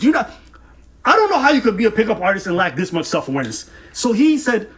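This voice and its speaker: A man's voice: sits high, quick pace. A man co-hosting a reaction show, mocking and swearing as he gives heated commentary. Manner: animated, mocking, profane, laughs at his targets.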